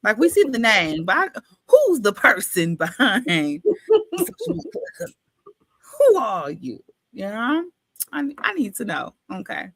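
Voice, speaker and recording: A woman's voice: mid-range voice, huge pitch swings, a little slow, fairly bright tone, breathy edge, dry recording. A woman with a New York accent hosting a live book club interview, playful and teasing, full of slang. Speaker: host.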